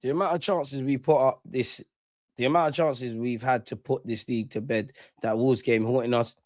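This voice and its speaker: A man, hosting a casual livestream, talking in slangy, animated bursts that swing between loud and muttered. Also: mid-range voice, normal speed, dry recording, clean studio sound. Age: 30s. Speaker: livestream host.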